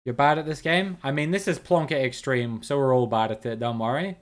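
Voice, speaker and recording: A man's voice: mid-range voice, brisk. A male streamer runs a live geography guessing game for his viewers. He thinks aloud in a chatty, easygoing way and greets people in the chat by name as he goes.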